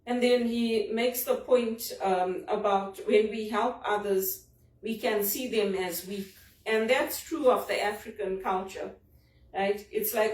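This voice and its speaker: A woman's voice: mid-range voice, steady tone, slow, a little mellow. A woman from Zimbabwe, talking in an earnest, personal, reflective monologue about a leadership book. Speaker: vlogger discussing a leadership book. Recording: roomy sound from a distant mic.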